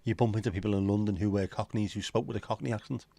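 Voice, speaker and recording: A man's voice: on the low side, steady tone, fast talker, creaky, dark tone, no room sound. A middle-aged man with a Liverpool accent, hosting a livestream and chatting casually in an opinionated, sweary, rambling way. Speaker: livestream host. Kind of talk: casual chat to a live audience.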